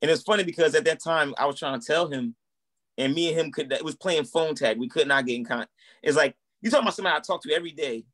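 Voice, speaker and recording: Here the guest, a musician and minister from the United States in his thirties, speaks quickly in a slightly high voice. He shares his story in a casual interview with animated energy, voicing the quoted dialogue.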